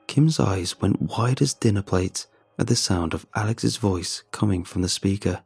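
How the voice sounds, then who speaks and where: A man narrating a first-person horror story in a measured, tense storytelling manner. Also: sits low, vocal fry, darkish tone, husky, no echo.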